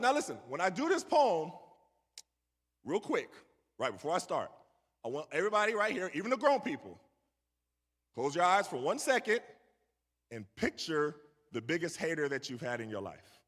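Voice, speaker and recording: Animated man in an echoey hall. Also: on the high side, normal speed, pauses often, breathy edge. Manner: animated, banters with the crowd. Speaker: guest speaker. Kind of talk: storytelling talk to young audience. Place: large church hall.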